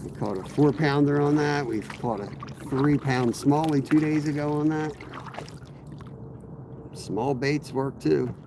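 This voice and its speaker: A man, hoarse from a cold, chatting casually to live viewers while fishing from a kayak on a river, rambling and greeting people by name. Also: a little high, fairly even intonation, measured pace, noisy background. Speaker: fishing streamer.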